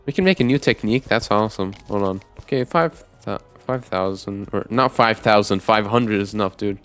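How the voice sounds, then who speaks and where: A young man narrating his game playthrough who talks to his chat, jokes about himself and gets loud and pleading in boss fights. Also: fairly low pitch, normal speed, clean tone, soft background music. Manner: excitable, shouts and pleads during fights; talks to chat, self-deprecating. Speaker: gaming YouTuber. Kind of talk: let's play with voice-over narration.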